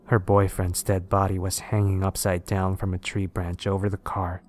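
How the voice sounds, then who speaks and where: Man reading horror stories, very low voice, steady, measured storytelling. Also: slight background noise. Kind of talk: scripted narration of horror stories.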